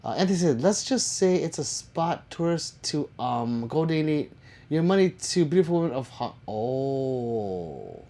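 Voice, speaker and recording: A man's voice: on the high side, very animated, measured pace, dark tone. A man chatting casually on a live stream, reading viewer comments aloud and answering them with jokes and swearing.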